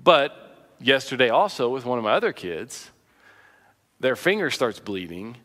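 A man's voice: mid-range voice, big pitch swings, unhurried, fairly bright tone, in a large hall. A man preaching a sermon as pastor, conversational and earnest, telling personal anecdotes.

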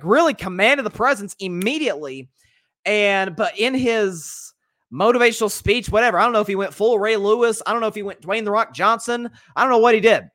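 A young man with a fairly high voice hosts a sports show in a chatty, animated way, often stopping and restarting his sentences. The sound is dry and close, with no room around it. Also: dry recording. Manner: animated, rambling, self-interrupting. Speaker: podcast host. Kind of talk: casual sports talk.

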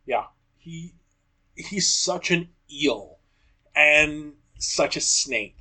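Thoughtful man with a higher voice. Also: lively intonation, drawn-out words, sharp tone. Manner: thoughtful, explanatory, with frequent agreeing fillers. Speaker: podcast co-host. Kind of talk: casual chat.

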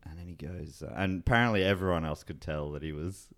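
A man's voice: low voice, fast talker, vocal fry. A man, a stand-up comedian, telling a rambling, self-mocking story in casual chat.

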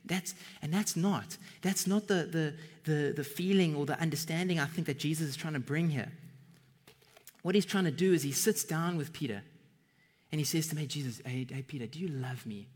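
A man's voice: fairly high pitch, moderate pace. A man preaching an earnest sermon that builds to emphatic bursts, recorded with a long hall reverb.

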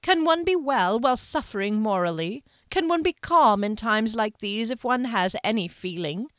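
A woman's voice: fairly high pitch, expressive, moderate pace, fairly bright tone, dry recording, studio quality, voice pushed up. A woman reading a classic novel aloud voices an elegant society hostess, gracious and faintly reproachful.

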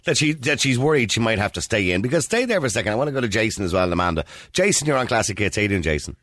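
A brisk Irish radio host handles callers at a fast clip, his pitch moving a lot. The sound is dry and close. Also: very animated, fairly bright tone, dry recording. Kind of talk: talk radio phone-in.

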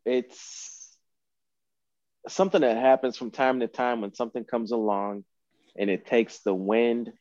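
A man tells a long personal story in an easygoing, rambling way, circling back over the same points. His voice sits at an average pitch, and the sound is dry and a little muffled, as if it came through a remote call. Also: fairly even intonation, a little slow, darkish tone, no room sound. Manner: rambling, repeats himself. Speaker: podcast guest. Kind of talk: casual storytelling.

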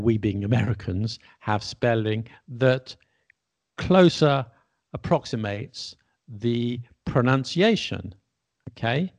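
Man, British accent, gravelly voice, casual educational chat, explains and spells words out. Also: medium pitch, a little mellow. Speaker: podcast co-host explaining spelling.

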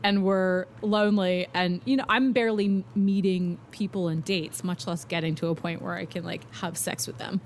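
A woman's voice: on the low side, steady tone, normal speed, few pauses, a little hiss or hum. A woman chatting casually on a podcast, reflective and often hedging what she says. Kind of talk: casual chat.

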